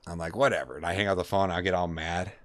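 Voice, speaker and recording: Streamer, middle-aged guy, lowish voice, acts out the voices in his story. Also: quick pace. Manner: animated, acts out voices, says man a lot. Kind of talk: casual storytelling while streaming a game.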